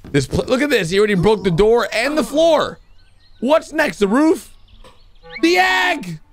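A man hosting a reaction video, giving excitable, exclamatory commentary on animated clips and calling out to viewers. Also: high-pitched, moderate pace. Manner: excitable, exclamatory, talks to viewers as "bro" and "guys". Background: music.

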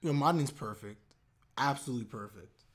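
A man's voice: mid-range voice, brisk. A man casually reacting to an anime episode, talking to his viewers with exclamations and laughter.

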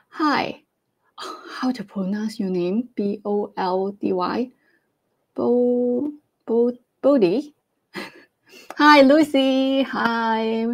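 Slow-talking woman hosting a livestream. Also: a little high, a little mellow. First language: Cantonese. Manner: slow, halting, laughs often. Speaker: livestream host. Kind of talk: casual live-stream chat.

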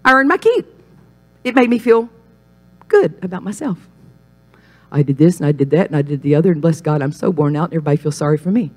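A woman giving a personal testimony sermon, telling stories and building to emphatic, rising points. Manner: emphatic, storytelling, swells louder and higher on key points. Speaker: speaker at a Christian ministry.

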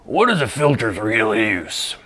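A man's voice: fairly low pitch, very animated, measured pace, sharp tone, heavily acted. A man voicing an older male pipe smoker with a thick, phlegmy throat and a plain, questioning way of talking. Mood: puzzled.

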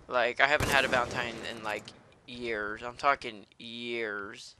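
A man's voice: medium pitch, fairly even intonation, unhurried, noisy background. A man doing live gameplay commentary, ranting and cursing in a fired-up rage. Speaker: gaming commentator.

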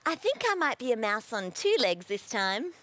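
A woman's voice: on the high side, big pitch swings, moderate pace, noisy background. A young woman presenting a children's TV show, singing and playfully describing her actions in a sing-song way. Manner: playful, sing-song, acts out what she does. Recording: loud children's music backing.

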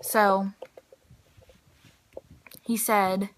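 A woman's voice: mid-range voice, little pitch movement, extremely slow, slight background noise. Chatty young woman vlogging. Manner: chatty, rambling, lots of "like" and "um". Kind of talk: casual vlog chat.

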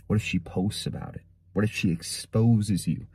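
A man's voice: lowish voice, steady tone, moderate pace, warm tone, a little hiss or hum. A young man delivering a blunt, slangy motivational monologue and telling a story straight to the viewer. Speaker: motivational content creator.

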